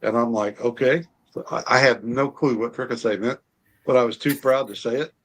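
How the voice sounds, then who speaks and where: A man's voice: mid-range voice, steady tone, a little fast, slight background noise. A man from Alaska, a guest on a casual chat show, telling self-deprecating stories and laughing often.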